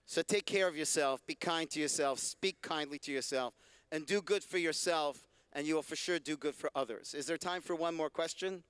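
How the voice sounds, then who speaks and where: Warm and full of jokes, a rabbi and speaker teaches conversationally on a convention hall stage, giving a talk and answering audience questions. His voice has a fairly high pitch, a moderate pace, and a clear, resonant tone without echo.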